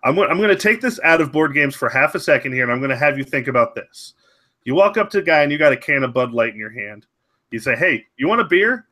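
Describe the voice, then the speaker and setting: A man's voice: fairly high pitch, animated, fast talker, bright, forceful tone. A man on a board game podcast building an emphatic point with a hypothetical example. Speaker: podcast co-host. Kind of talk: casual chat.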